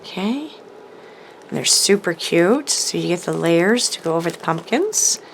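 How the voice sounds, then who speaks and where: A woman in her home craft room talks through her latest supply haul. Her voice sits a little low and she takes her time, full of ums and easygoing enthusiasm. There is a faint hum of room ambience behind her. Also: lively intonation, a little slow, gravelly. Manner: chatty, enthusiastic, frequent ums and laughs. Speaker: crafting channel host. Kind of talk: casual haul video chat. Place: home craft room, showing products to camera.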